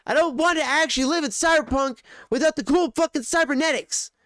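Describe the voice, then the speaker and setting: A man's voice: very high-pitched, fairly quick, fairly bright tone, no room sound, clean studio sound. A man streaming live, ranting in casual, profane, rambling chat.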